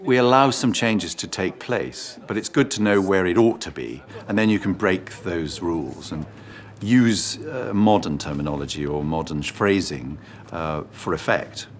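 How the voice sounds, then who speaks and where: A man's voice: low voice, a little slow, hardly any pauses. A British man, a dialect coach, explaining accent work thoughtfully in an interview. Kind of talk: making-of interview.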